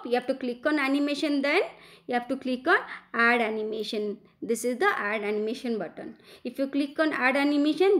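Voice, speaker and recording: A woman teacher with an Indian English accent, walking students through slides in a patient classroom lesson, repeating points and checking in with "right?". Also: high voice.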